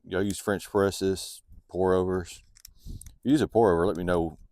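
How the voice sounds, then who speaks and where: Deep-voiced man vlogging outdoors. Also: normal speed, dry recording, studio quality. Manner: relaxed, chatty, addresses viewers directly. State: sniffling from the cold. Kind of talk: casual outdoor vlog talk. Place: outdoors at a lakeside campsite.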